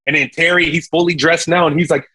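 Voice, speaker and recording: Young guy guesting on a chat show, kinda husky and highish, slangy animated storytelling w/ little sound effects. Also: fast talker, poor audio. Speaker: guest, singer. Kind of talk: casual storytelling interview.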